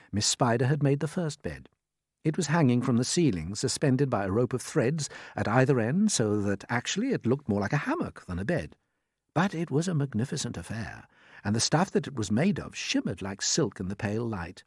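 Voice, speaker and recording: Guy reading a kids audiobook, animated storybook voice, dry close mic. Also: medium pitch, brisk, husky, no echo. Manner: lively, expressive reading. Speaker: audiobook narrator. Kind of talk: storybook narration.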